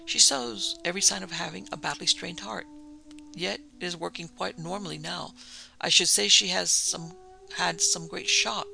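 A brisk doctor puzzling over a patient in an old ghost story, voiced by a man reading aloud. He sounds clipped and matter-of-fact, with a bright, gravelly timbre. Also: sits high, exaggerated voice. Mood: puzzled. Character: brisk male country doctor.

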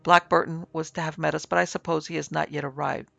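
A man doing a calm, formal Victorian investigator. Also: a little high, vocal fry, no room sound, heavily acted. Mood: measured. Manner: measured, formal. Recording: slightly muffled with soft music.

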